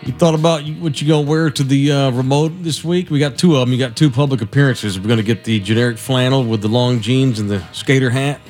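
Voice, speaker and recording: A man hosting a sports radio show, bantering casually in a lively, joking, self-deprecating way. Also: mid-range voice, fast, few pauses, soft background music.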